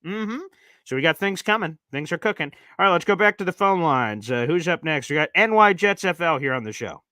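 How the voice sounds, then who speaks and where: A man hosting a live call-in talk show, chatty and animated, often acting out his callers. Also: fairly high pitch, dry recording, clean studio sound. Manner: animated, acts out callers in quick impressions. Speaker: host.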